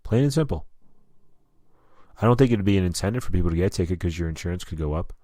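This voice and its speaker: Male podcast host, low voice, dry close sound, casual and profane monologue. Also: very fast, mellow, no echo. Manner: profane, rambling and candid. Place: lives in Albuquerque.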